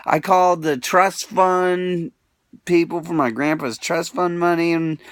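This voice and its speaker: A man's voice: fairly high pitch, fairly even intonation, a little slow, clear, resonant tone, dry recording, studio quality. A young man telling a rambling, emotional personal story, full of filler words, swinging between mumbling and crying out. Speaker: vlogger.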